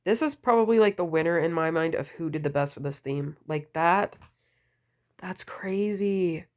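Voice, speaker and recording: A woman vlogger chatting casually about nail polish, gushing and full of fillers, her voice deepened and a bit slurred from a cold. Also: lively intonation, quick pace, darkish tone. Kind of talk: casual wishlist chat.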